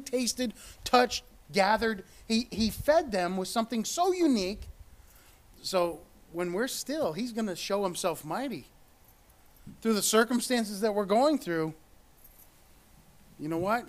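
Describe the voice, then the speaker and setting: A man preaching a sermon and reading scripture aloud, earnest, repeating words and rising for emphasis. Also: high voice.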